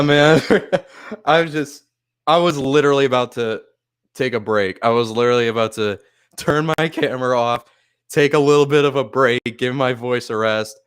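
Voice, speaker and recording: Overwhelmed laughing man, slow and clear. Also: medium pitch, a bit bright. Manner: laughs often, swears, stunned and grateful. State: overwhelmed, shaky, close to tears. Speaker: sports live streamer. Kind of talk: casual live-stream chat.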